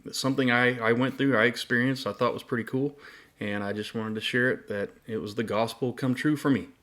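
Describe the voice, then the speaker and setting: A man's voice: mid-range voice, steady tone, a little fast, a bit bright. Middle-aged man, casual faith testimony, loose and rambling, everyday mid-range voice. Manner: rambling, many fillers and restarts. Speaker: Christian video host.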